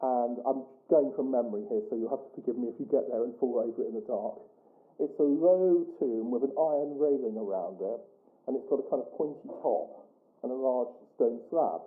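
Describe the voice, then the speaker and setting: A man with a Suffolk accent tells stories to an audience in a loose, rambling way. He trails off and corrects himself in chatty asides. His mid-pitched voice comes through thin and phone-like. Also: brisk. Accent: Suffolk English. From Suffolk, England. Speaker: guest speaker. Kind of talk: storytelling talk to an audience.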